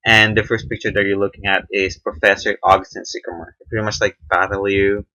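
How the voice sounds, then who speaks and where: A young man giving casual, unscripted commentary on a game trailer, halting often with fillers and restarts. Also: fairly low pitch, level tone, bright, forceful tone, muffled recording. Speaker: gaming video reviewer.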